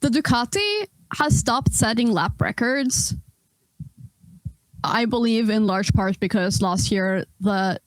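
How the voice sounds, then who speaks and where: A woman's voice: medium pitch, dry recording. A woman co-hosting a casual sports podcast, giggly at times and thoughtful when she makes her case. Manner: giggly, then thoughtful and opinionated. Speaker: podcast co-host.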